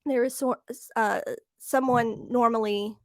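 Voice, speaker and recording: A chatty woman co-hosting a podcast, her voice sitting a bit high as she tells a story and acts out every exchange. The sound is dry and close, with no room around her. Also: steady tone, unhurried, no room sound. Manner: chatty storyteller acting out quoted dialogue. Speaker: podcast co-host. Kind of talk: casual chat.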